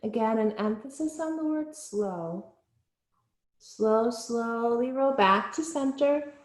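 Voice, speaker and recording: A woman's voice: fairly high pitch, lively intonation. Soothing woman guiding yoga, echoey room. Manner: slow, soothing cues with soft pauses. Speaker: yoga instructor. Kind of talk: guided yoga class instruction.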